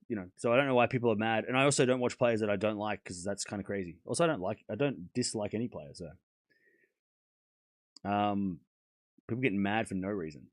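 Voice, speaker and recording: Male stream host, sore throat, blunt and animated, casual chat, dry close sound. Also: medium pitch, no room sound. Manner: blunt and animated, scolding chatters, swearing. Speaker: tennis livestream host. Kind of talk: casual livestream chat to viewers' comments.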